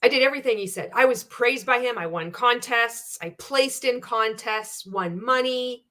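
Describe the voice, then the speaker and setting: A woman's voice: on the high side, normal speed, bright, forceful tone. A woman giving a sarcastic, profane reaction rant as a video commentator, blunt and scornful.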